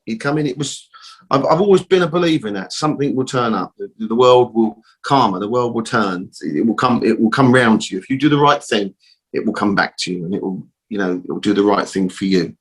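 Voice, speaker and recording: With a low-leaning, brisk voice that has a breathy edge, a middle-aged optical shop owner rambles through a long personal story as a guest. He repeats words and drops mild swears along the way.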